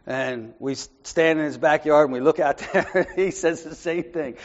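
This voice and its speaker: Man preaching at a Bible study, conversational, soft asides then raised emphasis, somewhat high voice, muffled lo-fi recording. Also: moderate pace. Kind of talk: informal Bible study sermon.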